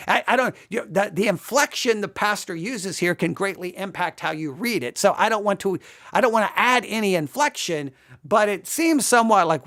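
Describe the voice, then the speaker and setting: A Bible teacher giving an exegetical study, talking in an animated way, acting out quoted lines and often restarting sentences. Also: mid-range voice, normal speed. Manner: animated, acts out quoted speech, frequent restarts.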